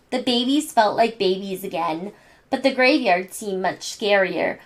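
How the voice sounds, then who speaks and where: A woman reading a bedtime story aloud to children in a gentle manner. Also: medium pitch. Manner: gentle, slow reading to kids. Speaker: storybook reader.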